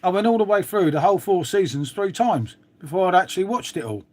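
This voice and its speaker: A man's voice: sits high, big pitch swings, quick pace, a little mellow. Rambling, swearing man. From England. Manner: swears freely, trails off, chatty asides to viewers. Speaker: live stream host. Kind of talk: rambling casual chat to viewers.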